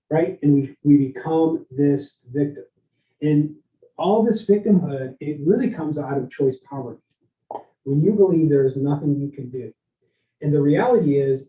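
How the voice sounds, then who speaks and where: A man giving a leadership workshop, energetic and interactive, often asking his listeners questions and tagging lines with "right?". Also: on the high side, moderate pace. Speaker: leadership speaker. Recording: roomy, dull lo-fi sound.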